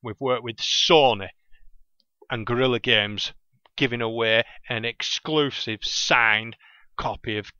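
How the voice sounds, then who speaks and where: A man's voice: mid-range voice, bright, forceful tone, clear, resonant tone, dry recording, dull audio. A man with a thick Lancashire accent hosting a gaming podcast alone, chatting casually and often losing his train of thought. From England. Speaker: podcast host. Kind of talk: casual rambling monologue.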